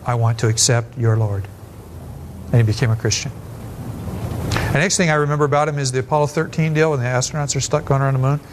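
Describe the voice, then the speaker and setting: A man in his seventies, a pastor giving a blunt sermon full of personal stories, quick asides and rising emphasis. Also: fairly high pitch, fairly even intonation, noisy background.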